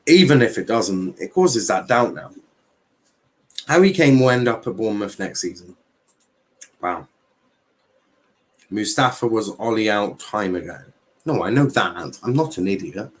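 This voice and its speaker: A man's voice: fairly low pitch, lively intonation, a little slow, long pauses. A young man hosting a casual football livestream, bantering with chat, swearing and reading transfer news aloud.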